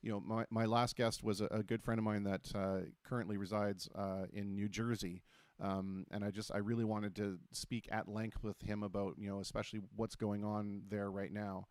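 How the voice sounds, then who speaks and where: A man's voice: fairly low pitch, level tone, darkish tone, clean tone, no room sound. A man hosting a casual talk show, telling stories in a chatty, joking way with lots of restarts. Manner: chatty storyteller, quick and jokey with many restarts. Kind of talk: casual chat.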